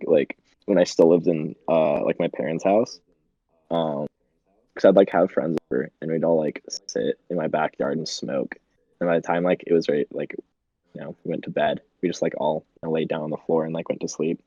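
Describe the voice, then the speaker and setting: A man's voice: deep voice, mellow, breathy edge, no room sound. A young man co-hosting a podcast, telling stories in casual chat, swearing a lot and often breaking into giggles. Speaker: podcast co-host. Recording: dull lo-fi sound.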